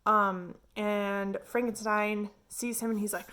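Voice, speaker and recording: A woman's voice: medium pitch, fairly even intonation, unhurried, a bit bright. A woman reviewing a novel in casual, chatty talk full of filler words. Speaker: book reviewer. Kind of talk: casual chat.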